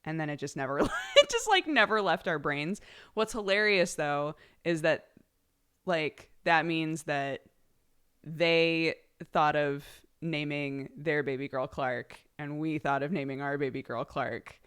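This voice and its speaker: A woman's voice: low-pitched, expressive, unhurried, a bit bright, clear, resonant tone. A woman live streamer chatting casually, laughing often and reading out thank-yous to her subscribers.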